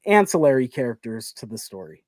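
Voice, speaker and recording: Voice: mid-range voice, very animated, brisk, darkish tone, no room sound. A guest in a casual online chat, hesitant, with many fillers.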